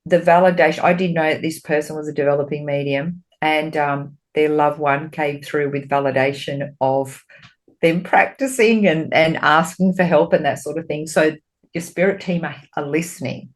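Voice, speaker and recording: Candid, expressive woman on a podcast, slightly low voice. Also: normal speed. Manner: candid and expressive, swears freely; animated, voice rises when retelling her talks with spirit. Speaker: spiritual medium, podcast co-host. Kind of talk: casual podcast chat.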